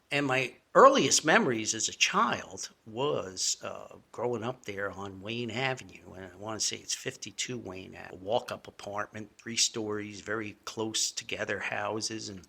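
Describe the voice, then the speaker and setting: A man's voice: medium pitch, creaky, bright, forceful tone, breathy edge. An older man from Paterson with a New Jersey accent, hosting a podcast in a rambling, chatty monologue full of asides and chuckles. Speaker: podcast host. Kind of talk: casual nostalgic monologue.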